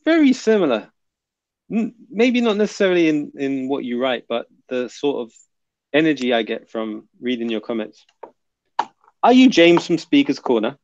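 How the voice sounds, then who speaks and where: A man with a gravelly, creaky voice hosts a live stream, reading viewer comments and joking around in slangy, relaxed chat. The sound is dull and lo-fi, recorded dry and close with no room echo. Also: mid-range voice, moderate pace. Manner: laid-back, joking, slangy.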